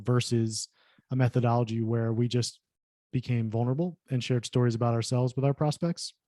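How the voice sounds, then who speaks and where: A man with a mellow, warm tone hosting a casual interview in a dry-sounding room. He talks in a halting way, doubling words as he gets sentences started. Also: mid-range voice, dry recording. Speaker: host.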